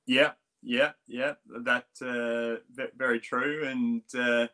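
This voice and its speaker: A man's voice: medium pitch, steady tone, takes it slowly, sharp tone. Chatty middle-aged Australian man. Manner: chatty, many restarts and fillers, rambling. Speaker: swim coach, guest. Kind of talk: casual interview chat.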